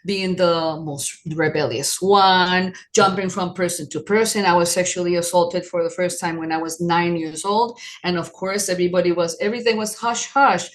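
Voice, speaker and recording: A woman's voice: medium pitch, fairly even intonation, moderate pace, few pauses. A woman around sixty from New York City, sharing her personal story as an interview guest, earnest and reflective.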